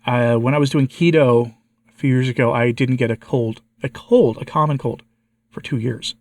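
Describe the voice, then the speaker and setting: A man's voice: mid-range voice, fairly even intonation, moderate pace, dry recording. Congested man vlogging a personal update. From United States. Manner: candid, frustrated, asking viewers for advice. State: congested, slightly hoarse. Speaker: vlogger, channel host. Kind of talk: casual personal update to viewers.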